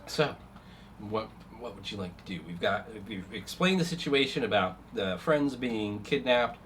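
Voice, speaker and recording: A man's voice: lowish voice, lively intonation, moderate pace, a bit bright, a little hiss or hum. A man running a tabletop game as game master, narrating loosely with many fillers. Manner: rambling, many fillers, laughs at own jokes.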